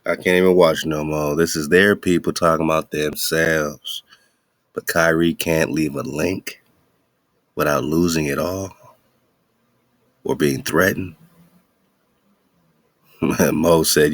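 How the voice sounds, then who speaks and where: Male radio host, very low voice, preachy slangy rants, dry recording. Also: steady tone, slow, pauses often, no room sound. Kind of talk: casual commentary.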